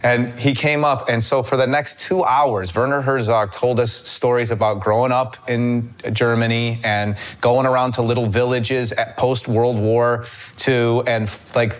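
A man from Chicago with a middle-pitched voice, talking as a guest on a podcast. He tells stories loosely, doubling back and restarting often. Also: fairly even intonation, a little slow, smooth. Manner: rambling, many restarts and fillers. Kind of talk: casual chat, storytelling.

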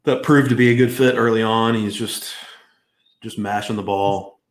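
A man co-hosting a podcast, chatting casually about the sport in a relaxed, rambling way full of restarts. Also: lowish voice, moderate pace, echoey room. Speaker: podcast co-host.

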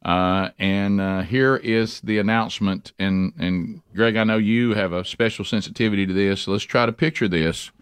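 A man co-hosting a talk radio show, halting and repeating words in folksy banter. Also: lowish voice, fairly even intonation, clean tone, no room sound. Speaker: radio co-host.

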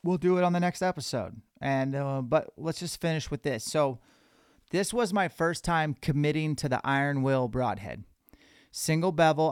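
A man hosting a podcast, telling a hunting story in an animated, casual way. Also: a little high, clear, resonant tone, dry recording, clean studio sound. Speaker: podcast host.

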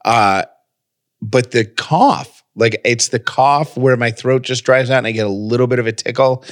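A radio host chatting casually and telling a story with many restarts, nursing a lingering cough. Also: male voice, medium pitch, normal speed, dry recording, clean studio sound. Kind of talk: casual chat.

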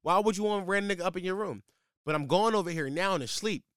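A man in his twenties telling a casual, profane story in slang, with his voice jumping high when he gets exasperated. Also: fast, fairly bright tone, clean tone, dry recording, studio quality.

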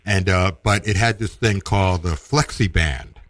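A middle-aged man casually telling a personal story, with halting restarts and acted-out quotes. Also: low-pitched, no room sound. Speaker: storyteller guest.

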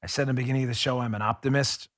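A man's voice: mid-range voice, fairly even intonation, racing, a bit bright, no echo, studio quality. A man hosting a political podcast, delivering an angry, sarcastic commentary monologue with emphatic, repeated phrases. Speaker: podcast host.

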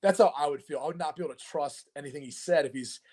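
A man's voice: fairly high pitch, fast talker, darkish tone. Chatty man hosting a sports show. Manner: chatty, rambling with many fillers and laughs. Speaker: host. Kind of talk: casual sports chat.

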